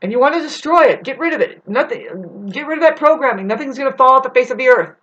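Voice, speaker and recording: Intense rambling woman, slightly high voice. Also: lively intonation, fast, a bit bright, muffled recording. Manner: intense, profane, digressive. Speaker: spiritual vlogger. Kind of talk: rambling spiritual monologue.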